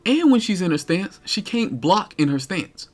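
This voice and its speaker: Animated man ranting over gameplay. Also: high-pitched, normal speed. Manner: animated, incredulous, cursing. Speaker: streamer. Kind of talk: ranting game commentary.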